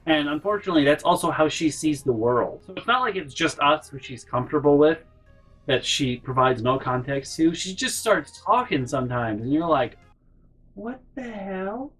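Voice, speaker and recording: A man hosting a gaming channel, telling a rambling, exasperated story and swearing freely, jumping into loud mock yells. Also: a little high, expressive, moderate pace, slightly rough, faint music behind. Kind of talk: storytime over gameplay.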